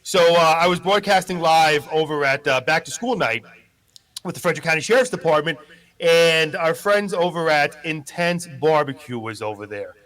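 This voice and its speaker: A man bantering on a live local morning show, joking at his own expense. His voice is high and bright for a man. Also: moderate pace. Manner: jokey, self-deprecating, laughs often. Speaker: news presenter.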